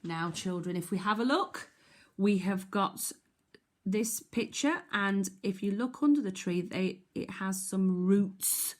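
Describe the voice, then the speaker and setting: A woman teacher leading a phonics lesson for young children, speaking clearly and encouragingly in call-and-response. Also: medium pitch, takes it slowly.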